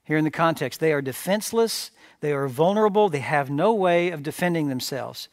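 A man's voice: a little high, expressive, fairly quick, a little mellow, dry recording, studio quality. A man preaching a sermon as pastor, emphatic, repeating phrases and asking rhetorical questions. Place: church sanctuary.

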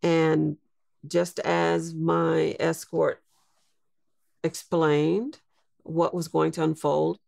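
An older woman in her sixties tells her story slowly and thoughtfully. Her voice is strongly gravelly, and the recording is dry and close. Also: sits low, level tone, a little mellow, no echo. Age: 60s. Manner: slow, reflective storytelling. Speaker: guest. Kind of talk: storytelling interview.

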